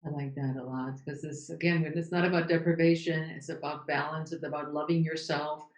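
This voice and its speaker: A woman's voice: deep voice, fairly even intonation, a little fast, reverberant, low-quality recording. A woman hosting an interview, affirming her guest and asking long questions. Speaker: podcast host. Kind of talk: casual interview chat.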